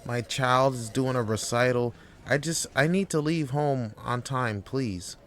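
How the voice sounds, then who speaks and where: A man's voice: medium pitch, a little slow, fairly bright tone, slight background noise, pitched above the performer's own voice, lightly acted. A man doing an overworked office clerk. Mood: pleading. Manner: pleading, then defiant street talk. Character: overworked male office clerk pushed to anger.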